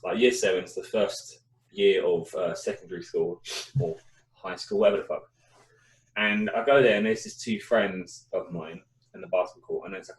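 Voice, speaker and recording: Recorded from a distance in an echoey room, a young podcast co-host with a lowish voice tells a lively story on a casual chat show. He swears a lot as he goes.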